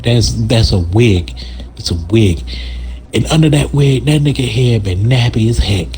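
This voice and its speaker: A man in relaxed conversation spins an exaggerated school story, his pitch swinging all over as he acts out his own reactions. He talks in loose, slangy bursts and keeps laughing at his own tale. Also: unhurried, a little hiss or hum. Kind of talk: casual chat.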